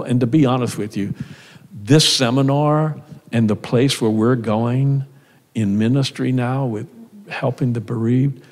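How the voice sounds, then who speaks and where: A man's voice: mid-range voice, unhurried, darkish tone. A middle-aged man, a minister, speaking at a seminar in a fervent, rambling way full of asides and restarts. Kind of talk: seminar talk from a stage. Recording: echoey hall.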